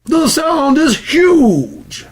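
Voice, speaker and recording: A man putting on an over-the-top, old-time male radio announcer, stretching each word out slowly. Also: very high-pitched, very animated, voice pushed up, full character voice. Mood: hyping. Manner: slow, drawn-out hype delivery.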